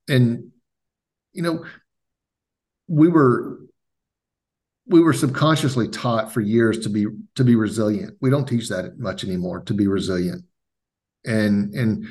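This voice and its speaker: Male podcast host, lowish voice, halting, earnest, repeats himself. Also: a little mellow. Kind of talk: casual interview talk.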